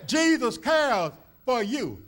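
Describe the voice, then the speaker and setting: Male minister preaching, high-pitched, folksy storytelling. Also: sing-song, slow, fairly bright tone. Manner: preaching with rising call-and-response emphasis; folksy storytelling with many uh fillers. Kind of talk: sermon. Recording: church service recording.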